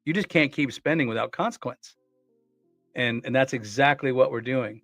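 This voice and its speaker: A man's voice: mid-range voice, normal speed, creaky, a bit bright, no echo, soft background music. A man co-hosting a casual talk show, speaking earnestly and often repeating words as he restarts his sentences. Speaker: co-host. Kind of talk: casual conversational commentary.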